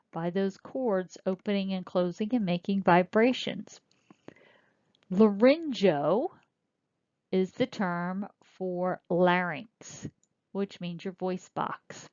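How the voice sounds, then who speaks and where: Slow, patient woman teaching a lecture. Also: medium pitch, a little mellow, no room sound. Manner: slow explanatory, pointing and spelling terms out. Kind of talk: recorded lecture. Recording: dull lo-fi dry recording.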